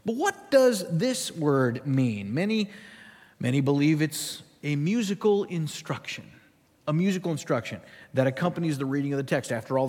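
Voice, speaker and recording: Lively storytelling male pastor in a hall. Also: a little high. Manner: storytelling with humorous asides. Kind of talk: sermon.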